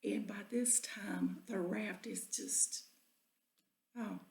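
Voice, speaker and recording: A woman's voice: mid-range voice, fairly even intonation, drawn-out words, a little mellow. Whispery woman telling a folksy story. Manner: drops often into a breathy whisper. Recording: echoey room.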